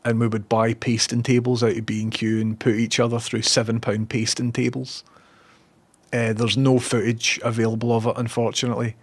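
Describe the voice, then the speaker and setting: A man with a Scottish accent streaming online, chatting casually, reading viewer comments and telling animated anecdotes. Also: medium pitch, a little fast. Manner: animated storyteller acting out others' lines. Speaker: Twitch streamer.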